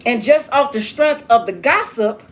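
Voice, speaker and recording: A woman's voice: a little high, expressive, normal speed. A woman giving a preachy straight-talk monologue, lecturing listeners with emphatic repetition.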